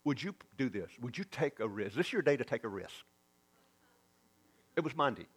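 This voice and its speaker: A man's voice: mid-range voice, fairly quick, husky. A man with a Southern US accent, a preacher telling a story in a sermon and acting out the dialogue. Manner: animated storyteller, acts out quoted dialogue.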